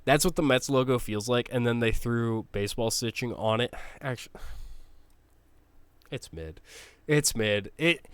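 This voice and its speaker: Blunt ranting man, smooth dry voice. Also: medium pitch, moderate pace, hardly any pauses, no room sound. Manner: blunt, ranting, swears, frequent restarts. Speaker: sports logo ranker. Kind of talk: casual opinionated commentary.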